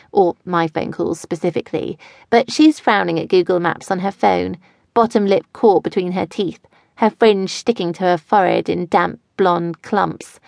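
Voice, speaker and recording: A woman's voice: fairly low pitch, creaky, a little mellow, no echo, studio quality. A woman narrating a first-person audiobook in a wry, chatty way. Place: studio.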